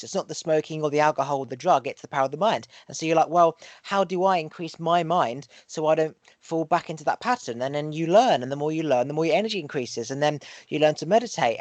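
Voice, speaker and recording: Male podcast host, earnest and preachy, higher-pitched voice, dry close sound. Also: no room sound. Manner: earnest, preachy, repeats phrases in rhythm; swears for emphasis. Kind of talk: casual podcast chat.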